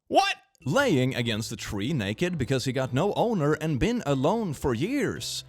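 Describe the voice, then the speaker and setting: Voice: mid-range voice, very animated, a little slow, a little mellow, no echo, studio quality. A comedic commentator reading awful messages aloud in mock-dramatic, sarcastic voices.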